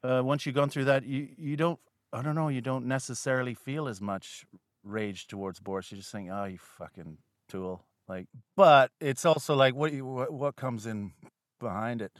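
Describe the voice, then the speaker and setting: A man's voice: medium pitch, moderate pace, dry recording, studio quality. A man from Canada, a guest comedian in a casual podcast chat, rambling and swearing freely with a self-deprecating streak.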